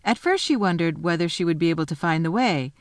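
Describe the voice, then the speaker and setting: A woman reading a children's novel aloud in a lively, expressive storytelling manner. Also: lowish voice, fast, no room sound, clean studio sound. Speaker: reader.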